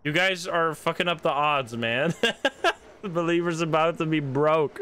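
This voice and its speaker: A man's voice: fairly high pitch, moderate pace, pushed and bright, a little hiss or hum. A man streaming gameplay live, talking to his chat, swearing and laughing at his own bad luck. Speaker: streamer playing a ghost-hunting game.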